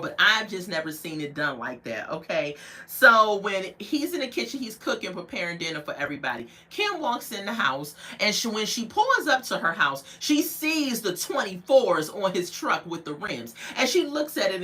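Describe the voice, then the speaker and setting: Animated chatty woman recapping a show. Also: medium pitch, rough recording. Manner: animated, chatty storytelling with playful asides; acts out the people she quotes. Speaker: reality TV recap host. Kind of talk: casual episode recap.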